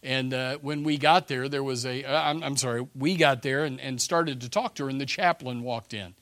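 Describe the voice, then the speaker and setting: Folksy preacher man, bright clear voice. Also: mid-range voice, moderate pace, no echo. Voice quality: restarts and repeats words often. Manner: folksy storytelling, swings from hushed to shouting. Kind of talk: sermon.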